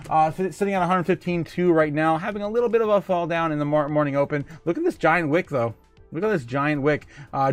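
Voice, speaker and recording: A man hosting a casual livestream, chatting loosely, reading viewer comments aloud and laughing often between many filler words. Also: on the high side. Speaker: host.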